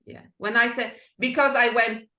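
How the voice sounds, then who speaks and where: A woman's voice: fairly high pitch, slow pace, sharp tone, echoey room. A woman guest on a podcast, telling anecdotes earnestly in slightly non-native phrasing. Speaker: guest, author and practitioner. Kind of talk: casual conversation, storytelling.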